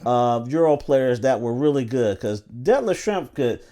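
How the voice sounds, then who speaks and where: A man's voice: medium pitch, lively intonation, measured pace, crowd noise. A man co-hosting a casual sports podcast who rambles, restarts his sentences and hunts for names as he talks. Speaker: podcast co-host.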